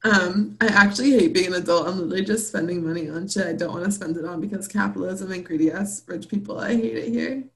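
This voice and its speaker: A woman's voice: lowish voice, quick pace, vocal fry, few pauses, fairly bright tone. Young woman podcast co-host, giggly, casual, filler-heavy. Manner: laughs often, filler-heavy. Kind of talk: casual chat.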